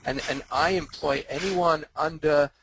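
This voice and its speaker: A man's voice: a little high, fairly even intonation, unhurried, vocal fry, noisy background. An older man with a mid-Atlantic accent, giving a webinar talk as a guest speaker and answering questions, rambling and hesitant, full of fillers and restarts.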